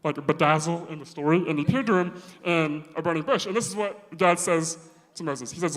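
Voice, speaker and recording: A man preaching a casual sermon, slangy and animated, acting out the characters' lines himself. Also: a little high, fairly quick. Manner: slangy, animated, acts out quoted voices. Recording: long hall reverb.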